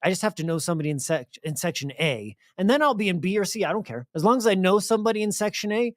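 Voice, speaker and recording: A man's voice: sits high, animated, fast, dry recording, clean studio sound. A man co-hosting a radio show, telling a story in casual chat and acting out the quotes. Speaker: radio co-host.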